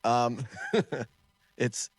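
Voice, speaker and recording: A man co-hosting a casual podcast, an animated storyteller who laughs often and trails off and restarts. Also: medium pitch, drawn-out words, no echo. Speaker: podcast co-host, martial arts instructor.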